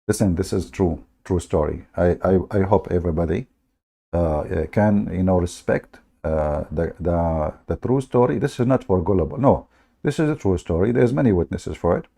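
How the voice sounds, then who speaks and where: Gravelly low-voiced man, mocking. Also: lively intonation, moderate pace, warm tone. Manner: mocking, sarcastic storytelling in broken English. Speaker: host of a livestream. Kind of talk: livestream commentary.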